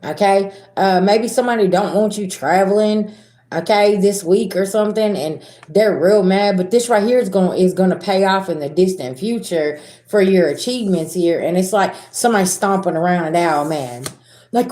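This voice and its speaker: A woman from the Southern United States, speaking with a Southern American accent, gives her viewers a casual tarot reading that is blunt and profane, acting out arguments along the way. Her voice is medium in pitch and dark in tone, at a normal speed, and the recording sounds roomy.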